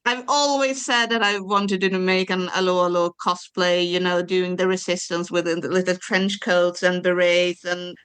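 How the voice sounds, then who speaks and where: A woman's voice: on the low side, little pitch movement, normal speed, few pauses, a bit bright, smooth. A woman co-hosting a podcast in casual chat, explaining her views at length with enthusiasm. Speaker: podcast co-host.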